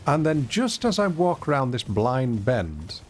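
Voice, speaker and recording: A man streams a video game, reacting aloud to the play and telling rambling, self-mocking stories as a lively storyteller. His voice is medium in pitch and slow. A little hiss or hum runs under the recording.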